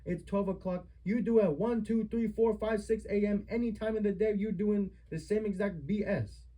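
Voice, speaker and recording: A man's voice: sits high, steady tone, normal speed, mellow, low-quality recording. A man giving a family member a heated lecture at home, stern and repetitive as he scolds.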